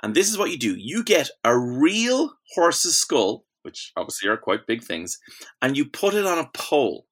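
Animated man telling stories. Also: mid-range voice, moderate pace, breathy edge. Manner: enthusiastic storytelling, laughs often. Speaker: podcast host. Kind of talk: casual comedic chat.

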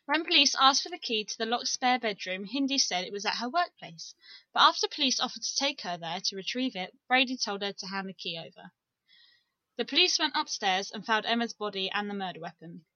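Woman, true crime podcast co-host, casual chat, bright tone, slightly muffled sound. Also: medium pitch, animated, fairly quick, no echo. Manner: chatty, giggly, reads case notes aloud.

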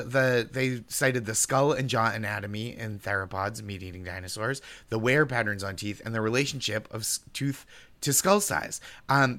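A man's voice: medium pitch, fairly bright tone. A man who is a guest on a comedy podcast, bantering and laughing through his own jokes.

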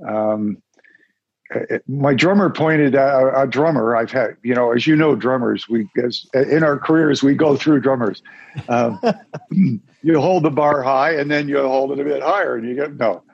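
An older man, a musician guest, telling stories in a casual interview with halting restarts and self-mocking humor. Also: mid-range voice, creaky, husky. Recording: dull lo-fi dry sound.

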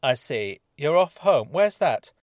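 A man voicing a mysterious woman who claims to come from another planet, speaking in a calm, measured and quietly guarded way in an audiobook. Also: fairly high pitch, dry recording. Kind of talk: audiobook character voice.

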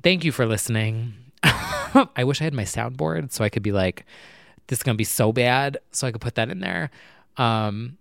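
A man talks through a casual solo podcast episode, wandering from thought to thought with plenty of "like" and "um." His voice is smooth and resonant, recorded close and dry in a quiet room at home. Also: medium pitch, animated, normal speed, no room sound. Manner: rambling, filler-heavy and self-mocking. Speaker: podcast host.

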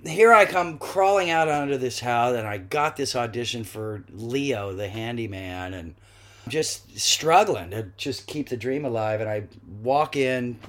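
A middle-aged man, a guest actor, telling a lively story in a podcast interview and acting out the voices in it. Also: medium pitch, a little slow. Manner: lively anecdotes, acts out quoted voices, swears.

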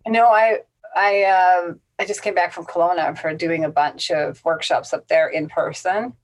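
A woman speaks as a casting director in a casual interview. Her manner is blunt and straight-shooting, and she gives direct advice without softening it. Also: lowish voice, steady tone, moderate pace.

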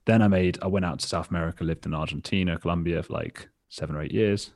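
A man's voice: low-pitched, steady tone, fast talker, a little mellow, no room sound, studio quality. A man in his thirties, a podcast guest in casual chat, rambling and self-mocking, laughing often and swearing casually. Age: 30s.

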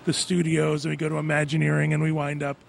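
A man hosting a podcast in a relaxed, chatty way, steering the conversation between guests. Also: on the high side, fast talker, gravelly. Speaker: podcast host. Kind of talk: casual chat.

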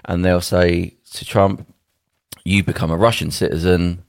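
A man's voice: low voice, flat delivery, unhurried, dry recording, studio quality. A man co-hosting a podcast from home over a video call, rambling emphatically and acting out what people might say. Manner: rambling, emphatic, acts out quotes. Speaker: podcast co-host. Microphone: home mic on a video call.

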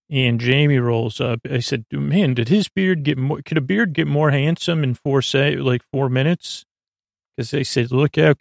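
A man's voice: mid-range voice, creaky, dry recording, clean studio sound. A man hosting a podcast, giving a meandering recap of a TV episode, full of fillers and self-corrections. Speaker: podcast host.

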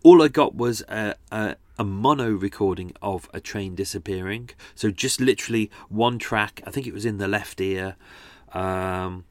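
Guy rambling about editing his podcast, lowish voice, dry close sound. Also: no room sound. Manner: chatty, self-deprecating, halting explanations. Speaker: podcast host. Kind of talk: casual behind-the-scenes talk about audio editing.

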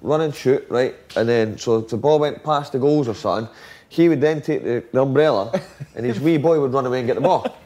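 A man's voice: medium pitch, brisk, dark tone, dull audio. A Scottish man, a former footballer, telling rambling, profane dressing-room stories and acting out what others said. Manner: swearing, rambling anecdotes acting out quotes. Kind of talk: casual storytelling chat.

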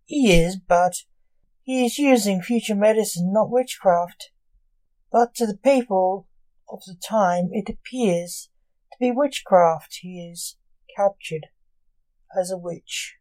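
A woman hosting a podcast and narrating a short story in a soft, measured reading. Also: mid-range voice, rough recording.

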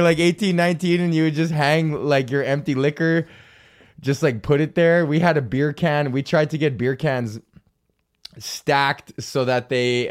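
A rambling, foul-mouthed man hosts his own podcast. His voice sits a little high for a man, and he jokes at his own expense as he rambles on. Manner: profane, rambling, self-mocking. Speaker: podcast host. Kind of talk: casual solo podcast rant.

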